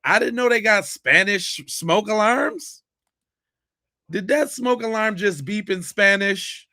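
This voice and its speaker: A man's voice: sits high, takes it slowly, sharp tone, no echo, studio quality. A man hosting a podcast, reacting to viewer clips with slangy, mocking banter. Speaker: podcast host.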